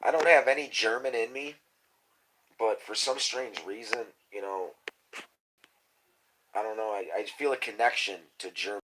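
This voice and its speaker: Low-voiced man hosting a loose livestream, profane and rambling, drifting between loud claims and muttered asides. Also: normal speed, pauses often, background noise. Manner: rambling, profane, conspiratorial, mumbles off into quiet asides. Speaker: livestream host. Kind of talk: rambling casual livestream talk.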